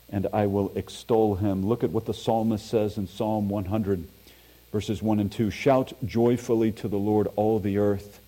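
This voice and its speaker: A man's voice: fairly low pitch, warm tone, rough recording. A man preaching a sermon in a church, reading scripture aloud with earnest emphasis and self-deprecating asides. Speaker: pastor. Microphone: microphone.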